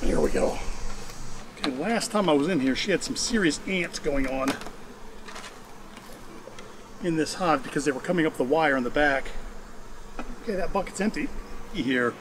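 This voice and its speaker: A beekeeper with a mixed Georgia and Ohio accent chats casually and thinks aloud while working his hives outdoors. His voice is on the high side, with lively intonation and a moderate pace. The recording is noisy, with buzzing bees and outdoor ambience.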